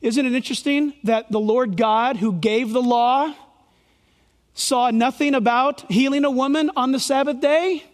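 A man preaching a sermon in a church, animated and sarcastic, with fiery outbursts. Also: very high-pitched, a little slow, long reverb tail. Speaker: pastor. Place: church sanctuary.

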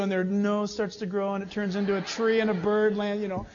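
High-voiced preacher man, lo-fi. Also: fast. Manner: animated preaching, swings between loud urging and low asides. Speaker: pastor. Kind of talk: sermon.

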